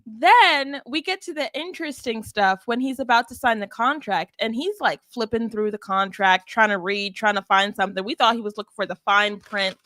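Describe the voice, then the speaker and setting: Bright-voiced woman chatting casually. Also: a little high, normal speed, hardly any pauses, no echo. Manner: chatty, animated retelling with quoted asides. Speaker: podcast co-host. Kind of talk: casual chat recapping wrestling.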